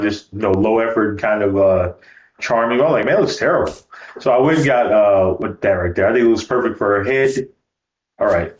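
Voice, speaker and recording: A man's voice: mid-range voice, echoey room, poor audio. A man giving loose, joking commentary while playing a baseball video game, swearing casually. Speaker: gaming YouTuber.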